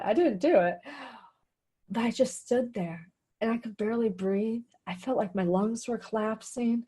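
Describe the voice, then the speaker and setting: A woman's voice: a little high, moderate pace, darkish tone, slightly rough. A middle-aged woman hosting a radio show, telling her own life story in a candid, confessional way and often laughing. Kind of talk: personal storytelling monologue.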